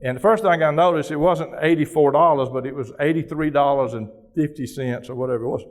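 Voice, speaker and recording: A man's voice: fairly high pitch, fast. A man giving a keynote speech, telling a personal story in a folksy, conversational way with frequent restarts. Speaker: keynote speaker.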